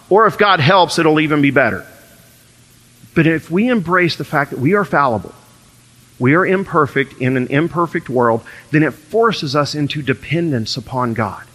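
A man's voice: fairly high pitch, pushed and bright, long reverb tail. A man preaching a sermon, reading scripture and acting out little dialogues as he explains it. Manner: earnest preaching, quotes scripture and acts out dialogue. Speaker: pastor.

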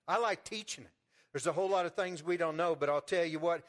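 A folksy pastor preaching to his church in a fairly high voice. He climbs to fervent, loud peaks and then drops into quiet, homespun storytelling, often repeating words as he goes. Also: fast. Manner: preaching with rising fervor, then soft storytelling. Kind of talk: sermon.

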